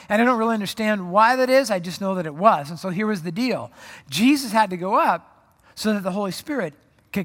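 A man's voice: sits high, a bit bright, long reverb tail. A man preaching a sermon in a conversational way, often acting out quoted voices. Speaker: pastor.

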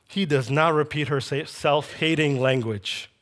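A man with a notably high speaking voice delivers a sermon. He retells the scripture story with energy and puts feeling into the quoted lines as he reads them. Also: a little slow, a bit bright. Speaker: preacher.

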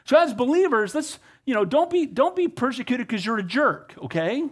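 A middle-aged pastor preaching a conversational, animated sermon, often asking his congregation "Amen?". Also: very high-pitched, normal speed.

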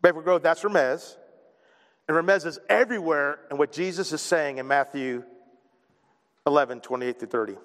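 Animated high-voiced male preacher in a hall. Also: moderate pace, pauses often. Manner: animated, conversational, repeats words when starting a thought. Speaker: pastor. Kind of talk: sermon. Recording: long reverb of a large hall.

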